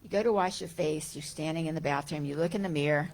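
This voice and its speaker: A woman's voice: deep voice, fast, a little mellow. A woman giving a reflective spiritual talk as a teacher, speaking conversationally and asking her listeners rhetorical questions.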